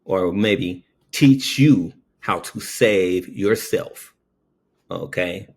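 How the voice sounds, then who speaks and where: A man telling a story in a casual monologue. He checks in with "okay?" after nearly every phrase and jumps up in pitch when he acts out quoted voices. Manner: slow, keeps saying "okay?" between phrases.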